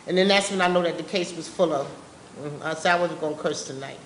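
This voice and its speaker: A woman's voice: sits low, quick pace. Impassioned, blunt woman in a roomy hall. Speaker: panel speaker at a public forum. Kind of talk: personal testimony at a public talk. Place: meeting room at a live public event. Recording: roomy live-event recording with faint background noise.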